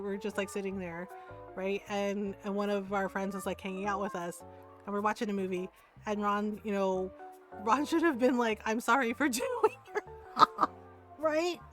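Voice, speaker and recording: A woman streamer telling a funny story in casual chat, animated, laughing often and tagging lines with "right?". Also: medium pitch. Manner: animated, laughs often, many fillers and tag questions.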